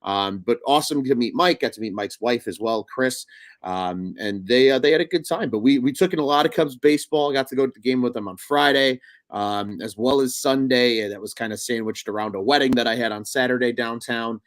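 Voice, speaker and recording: A man's voice: medium pitch, brisk, dry recording. Young guy cohosting a sports show, rambly, lots of ums and restarts. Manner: chatty, rambling with many fillers and restarts. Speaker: podcast co-host. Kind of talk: casual sports talk.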